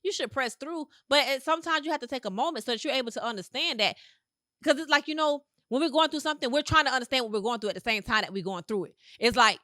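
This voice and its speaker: A woman hosts her own podcast, talking in a punchy, repetitive, motivational way with loose slangy phrasing. Her voice sits high and bright. The recording is dry and close, with almost no room sound. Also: quick pace, dry recording. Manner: emphatic, repetitive, preachy. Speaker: podcast host. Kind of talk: motivational monologue.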